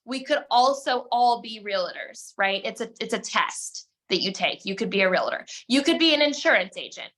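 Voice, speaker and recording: Bright, emphatic woman coaching a team. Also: on the high side, expressive, normal speed, few pauses. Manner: direct, emphatic, talks straight to her listeners. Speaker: network marketing team coach. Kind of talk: motivational team call talk.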